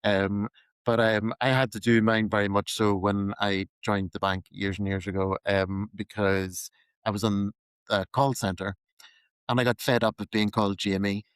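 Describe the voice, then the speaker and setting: A young Irish man hosting a casual podcast chat, laughing often and letting sentences trail off quietly. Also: lowish voice, level tone, normal speed, clear, resonant tone, dry recording. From Ireland. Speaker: podcast host.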